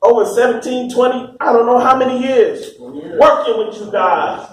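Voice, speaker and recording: Middle aged american guy preaching hard, voice up high, super roomy echo, mic kinda far. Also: moderate pace. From United States. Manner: fervent preaching, rising to shouts. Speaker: speaker at a religious gathering. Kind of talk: impassioned religious address. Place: large room full of people. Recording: very echoey hall, mic far off.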